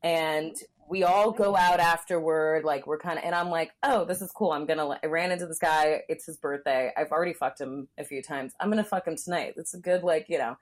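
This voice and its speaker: A woman with a somewhat low voice tells a candid personal story on a podcast. She keeps things loose and chatty, scattering fillers and putting on the voices of people in her story. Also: fairly quick, few pauses. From Southern California. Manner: candid, frequent "like" fillers, acts out quotes. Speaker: comedian guest.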